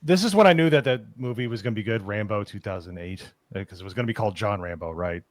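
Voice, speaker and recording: Excited man, low voice, dry sound. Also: fast talker, crowd noise. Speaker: panel host. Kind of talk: enthusiastic movie chat.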